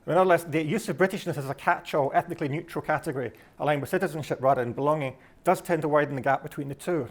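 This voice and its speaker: Scottish male speaker, quick and fairly high, reflective lecturer who restarts his phrases. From Scotland. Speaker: speaker giving a talk. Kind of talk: delivered talk.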